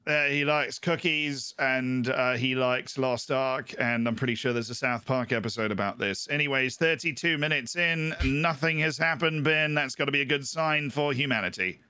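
A man's voice: medium pitch, steady tone, normal speed, hardly any pauses, pushed and bright, smooth, dry recording. A man giving playful, mock-formal football commentary on a game over a voice call. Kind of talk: playful sports-style commentary.

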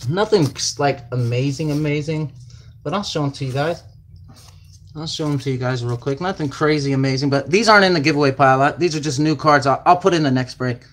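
This card break host speaks briskly in a bright, somewhat high voice, chatting casually as he calls out card names and numbers. He comes across as flustered and distracted.

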